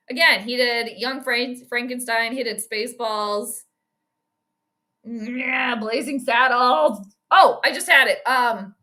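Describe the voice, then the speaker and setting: A high, bright woman's voice chatting casually on a livestream. She rambles from one topic to the next, reacting to the game and greeting viewers as she goes. The tone stays light and talkative. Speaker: livestream host doing game commentary and astrology predictions. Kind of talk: casual live-stream chat and play-by-play reactions.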